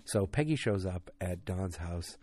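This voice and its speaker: A man with a deep, low voice walks through the plot of an episode in a relaxed, meandering way. He loses his place, corrects himself and fills pauses with ums and uhs. Faint music plays quietly behind him. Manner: rambling, self-correcting, many fillers. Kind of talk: casual episode recap.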